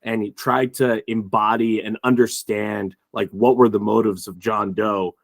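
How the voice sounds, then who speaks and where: A man co-hosting a film podcast, thinking aloud in a halting, casual way with frequent restarts. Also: lowish voice, level tone, creaky, no room sound, clean studio sound. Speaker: podcast co-host.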